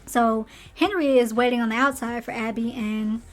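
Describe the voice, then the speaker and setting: Brief: chatty, slightly hoarse woman with a higher voice, animated casual rant. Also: moderate pace, faint music behind. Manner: chatty, animated, acts out character lines. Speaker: show commentator.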